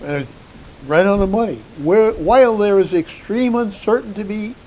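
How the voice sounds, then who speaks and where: High-voiced man reading energy headlines. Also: moderate pace, mellow, poor audio. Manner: reads headlines aloud, brief comments. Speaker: co-host and engineer. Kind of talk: casual news discussion. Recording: faint hiss.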